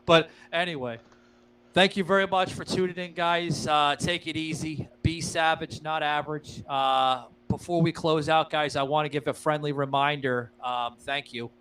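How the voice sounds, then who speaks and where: A man's voice: a little high, fairly even intonation, normal speed, a bit bright, smooth, rough recording. A man hosting a podcast, talking loosely and profanely with a lot of fillers and laughs, and addressing the listeners as guys. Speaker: podcast host. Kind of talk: casual podcast chat.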